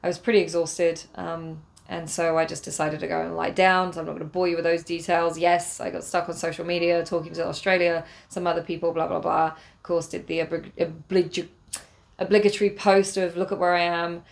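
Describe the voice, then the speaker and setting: English woman with a gravelly voice. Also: lowish voice, level tone, a little fast. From England. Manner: rambling, many fillers and restarts; spiritual, earnest. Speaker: travel vlogger. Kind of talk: casual spoken travel diary.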